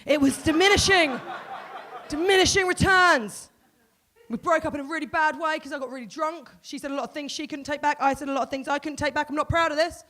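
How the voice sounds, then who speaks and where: A woman's voice: high voice, steady tone, a bit bright. A woman from Portsmouth, performing a self-deprecating stand-up set at a live comedy venue. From Portsmouth, England. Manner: quick self-deprecating storytelling.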